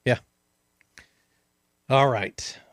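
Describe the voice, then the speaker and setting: A man's voice: extremely slow, no echo. A man co-hosting a live talk show, easygoing and laughing along with his partner. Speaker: co-host. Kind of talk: casual live show banter.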